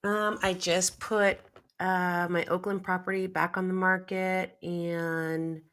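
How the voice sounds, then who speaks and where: A woman's voice: on the low side, flat delivery, slow pace, a bit bright. A woman real estate agent chatting on a video call, hesitant and full of fillers. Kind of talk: casual chat.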